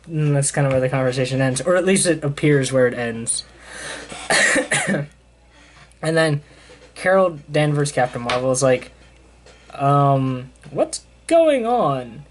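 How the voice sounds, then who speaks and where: A man's voice: medium pitch, moderate pace, pauses often. A young man casually recapping a comic in a loose, rambling way with lots of fillers. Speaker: comic book reviewer. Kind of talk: casual chat.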